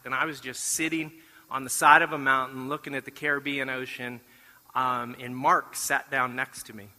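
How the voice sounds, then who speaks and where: A middle-aged man shares a testimony from the front of a church, his voice very bright and clear. He tells the story with lively acted-out dialogue and self-deprecating jokes, and the sound rings out with the long reverb of a large hall. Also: medium pitch. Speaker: church mission trip speaker. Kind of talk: testimony talk to a congregation.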